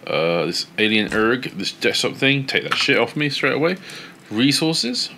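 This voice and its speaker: A man casually commentating his video game play, swearing often and yelling at in-game companions. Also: mid-range voice, very animated, measured pace, slight background noise. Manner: swears a lot, shouts at teammates. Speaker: gaming streamer.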